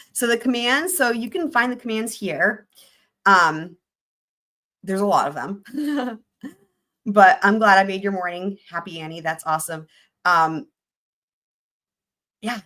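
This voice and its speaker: Woman streamer, bright and forceful voice, jokey, giggles through legal readings. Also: mid-range voice, slow, pauses often. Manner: giggly, jokey, trails off into laughter. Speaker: livestream host. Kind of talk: casual livestream commentary reading court filings.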